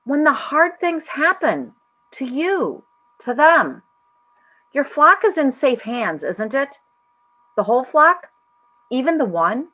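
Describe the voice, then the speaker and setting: A gentle, unseen divine voice directing a play, as a woman reader puts it on, asking tender, coaxing questions. The voice is bright and clear, with a lively rise and fall, and it takes its time. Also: sits high, slow, pauses often, voice pushed up, exaggerated voice, poor audio.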